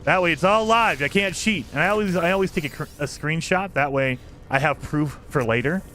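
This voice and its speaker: A man's voice: a little high, a little fast, bright, forceful tone, slight background noise. A man streaming a game live, chatting with his viewers and laughing often as he plays. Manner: chatty, laughs often, talks to chat while playing. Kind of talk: casual live-stream chat.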